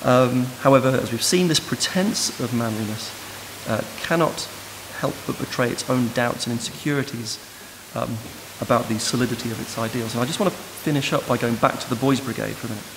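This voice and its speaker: A man giving an academic lecture in a measured, thoughtful way, recorded in a lecture room. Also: medium pitch, gravelly. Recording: noisy hiss in a reverberant hall.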